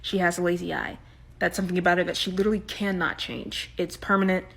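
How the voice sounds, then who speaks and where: A woman telling comic storytime anecdotes, jumping between loud punchlines and quiet asides. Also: lowish voice, level tone, fast, creaky. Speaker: comedy video creator. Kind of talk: storytime monologue.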